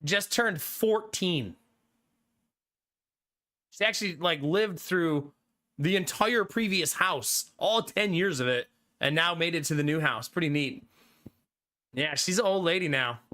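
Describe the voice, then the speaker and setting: A male streamer with a high, bright voice chats loosely with his live viewers. He keeps things easygoing and breaks into laughter often. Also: expressive, unhurried, pauses often. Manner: laid-back and chatty, laughing often. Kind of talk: casual chat with live viewers.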